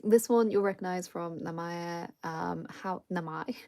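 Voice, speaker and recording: A woman teaching a casual live Japanese lesson, chatty and quick to laugh, with a lot of "like" in her speech. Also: on the low side, gravelly, mellow, dry recording.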